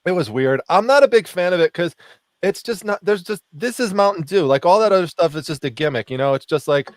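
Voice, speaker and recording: A man's voice: high-pitched, expressive, a little fast, no room sound, clean studio sound. A man hosting a livestream in casual, jokey chat who laughs often. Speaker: livestream host.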